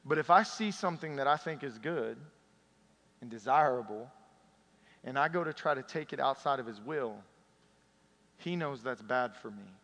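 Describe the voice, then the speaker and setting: A man preaching a sermon to a church congregation, swinging from loud emphatic peaks to soft, intimate passages. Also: medium pitch, long reverb tail. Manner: passionate, rising to loud peaks then dropping soft and intimate. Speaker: pastor. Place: church sanctuary.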